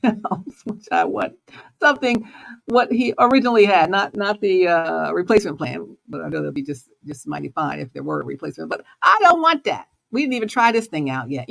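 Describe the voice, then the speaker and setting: A woman hosting her own show and talking straight to her listeners. Her delivery is animated, jumping between high and low notes and between loud and soft. She laughs often through her casual motivational talk. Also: fairly quick, creaky. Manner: animated, swings pitch and loudness, laughs often. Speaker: host.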